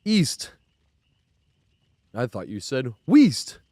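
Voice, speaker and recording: Male streamer, 30s, casual and rambling, quick to laugh, swears freely, home desk mic. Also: medium pitch, huge pitch swings, dark tone, dry recording, studio quality. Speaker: live game streamer. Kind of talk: casual live-stream chat.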